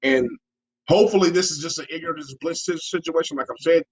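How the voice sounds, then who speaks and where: Male co-host, quick and husky, fairly high voice, stumbles over words, muffled lo-fi sound. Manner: stammers and restarts often. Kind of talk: casual sports talk.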